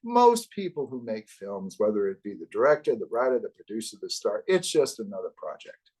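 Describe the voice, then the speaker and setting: An older man from the US East Coast, a guest in a casual interview, telling wry, animated stories. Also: on the low side, brisk, husky, poor audio. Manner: wry, animated anecdotes with acted quotes. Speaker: guest, author.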